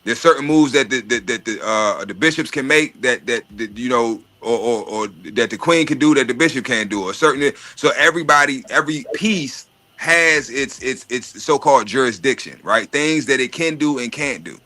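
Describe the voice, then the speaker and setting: A man's voice: medium pitch, animated, normal speed, pushed and bright. A man talking in casual chat about money and estates, profane and streetwise, often repeating words while he searches for them. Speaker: podcast host.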